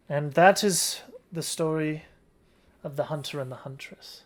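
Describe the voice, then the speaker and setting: A game master narrating a tabletop game in a relaxed storytelling manner. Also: medium pitch, a little slow. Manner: relaxed storytelling, with occasional restarts.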